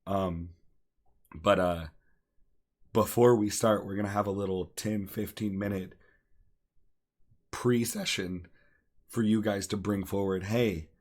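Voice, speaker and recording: A young man with a very low, deep voice speaks earnestly on a podcast. He encourages his listeners and repeats phrases to drive his point home. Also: steady tone, slow, pauses often. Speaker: podcast co-host. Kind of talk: earnest casual talk.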